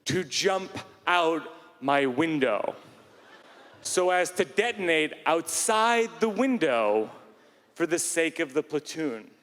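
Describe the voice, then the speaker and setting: A man telling a stand-up story in a rambling, self-mocking way, now and then bursting into shouts, on a theater stage. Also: a little high, lively intonation, slow pace. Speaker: stand-up comedian. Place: large theater stage before a live audience. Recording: live hall recording with faint room noise.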